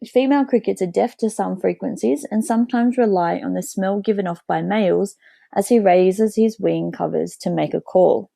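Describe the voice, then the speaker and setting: A woman's voice: medium pitch, moderate pace, vocal fry, dark tone, no room sound. A woman narrating a biology lesson, reading steadily and correcting herself as she goes. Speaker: biology teacher.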